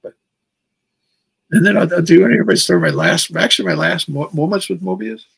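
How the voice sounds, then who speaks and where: A man's voice: high voice, brisk, vocal fry, a bit bright, poor audio. A man in his sixties, a guest in a casual interview, telling long stories in a rambling way and repeating words as he goes. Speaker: comic artist guest.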